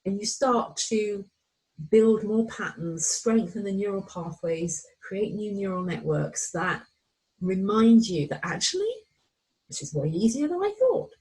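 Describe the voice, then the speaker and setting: A middle-aged woman coach walking listeners through a course module, animated and excitable, often acting out inner voices. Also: mid-range voice, measured pace, low-quality recording. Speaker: menopause anxiety coach. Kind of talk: recorded course walkthrough.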